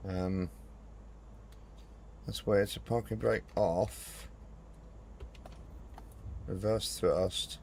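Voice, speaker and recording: Game streamer, man, gravelly low voice, grumbling casual commentary, faint room noise. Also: steady tone, extremely slow, pauses often, a little mellow. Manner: frustrated muttering, talks to the plane. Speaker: flight sim streamer.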